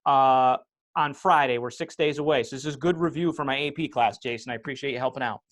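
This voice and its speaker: A man's voice: medium pitch, quick pace, fairly bright tone. A man with an upstate New York accent hosting a podcast and chatting from home over a video call on a lapel mic, telling stories and explaining history like the teacher he is. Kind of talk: casual chat.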